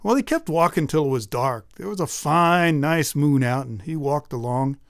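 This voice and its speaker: A man spins a folk tale in a folksy, animated voice, fairly high for a man and full of rising and falling pitch. The recording is dry, with no room sound. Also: normal speed, no echo. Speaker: storyteller.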